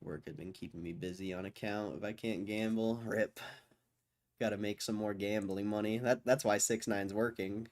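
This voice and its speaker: A man's voice: lowish voice, steady tone, moderate pace, a little mellow. A man hosting a livestream, rambling and joking crudely while bored and waiting. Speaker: livestream host. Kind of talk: casual livestream chat.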